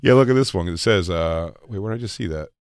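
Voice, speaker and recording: A man's voice: sits low, fast talker, no room sound, studio quality. A man co-hosting a casual comedy podcast, joking and reading news items aloud. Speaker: podcast co-host.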